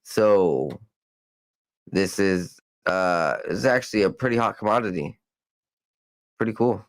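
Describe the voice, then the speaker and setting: This podcast host reads out news stories and keeps veering into meandering remarks, stumbling over fillers and restarting his sentences. He speaks a little slowly in a deep voice, and the low-quality recording has no echo.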